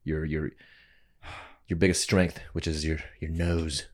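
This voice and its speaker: A man's voice: rumbling low, flat delivery, measured pace. A man co-hosting a podcast in casual chat, teasing his friend with dry asides. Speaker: podcast co-host.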